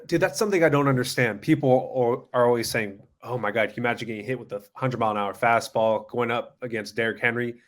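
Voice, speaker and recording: A man's voice: medium pitch, fast talker, hardly any pauses. A man co-hosting a sports podcast in casual, teasing chat. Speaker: podcast co-host.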